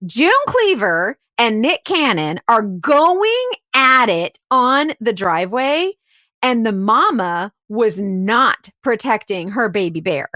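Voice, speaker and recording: Female podcast co-host, chatty storyteller, lively sing-song delivery, dry close mic. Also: slow pace, no echo. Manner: animated storyteller, acts out quotes in shrill outbursts, many "like"s and "right?"s. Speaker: podcast co-host and private investigator. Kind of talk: casual storytelling chat.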